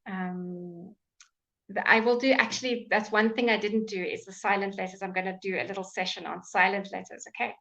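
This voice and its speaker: A woman with a British accent teaching English pronunciation in a live online class, enunciating words slowly and clearly, with frequent fillers. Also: mid-range voice, fairly even intonation, sharp tone, rough recording. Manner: slow, clear, drawn-out enunciation with many fillers. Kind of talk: live online language lesson.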